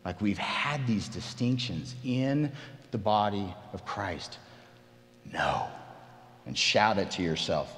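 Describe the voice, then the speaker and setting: A man preaching a sermon as pastor, emphatic and animated, often restarting his phrases. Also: lowish voice, slow pace, big-room sound.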